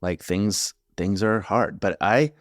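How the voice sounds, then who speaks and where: A middle-aged man, a marriage therapist co-hosting a podcast, talking in a reflective, halting way with many restarts. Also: fairly low pitch, no room sound, studio quality. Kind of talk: casual conversational podcast chat.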